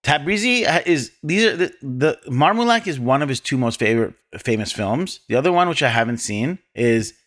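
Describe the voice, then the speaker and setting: A man co-hosting a film podcast, reading trivia from his notes with dry deadpan jokes. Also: mid-range voice, moderate pace, hardly any pauses. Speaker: podcast co-host. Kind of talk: casual film discussion.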